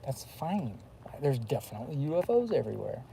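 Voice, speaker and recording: A man's voice: medium pitch, very animated, a little fast, gravelly, warm tone, slight background noise, low-quality recording. A man rambling in a casual monologue, full of fillers and restarts. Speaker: vlogger.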